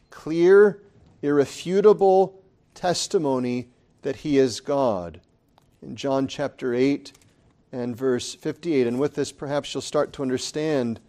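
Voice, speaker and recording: A man preaching at an unhurried pace, his voice sitting a little higher than most men's. He lands each phrase deliberately and comes back to the key words again and again for emphasis. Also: darkish tone. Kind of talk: sermon.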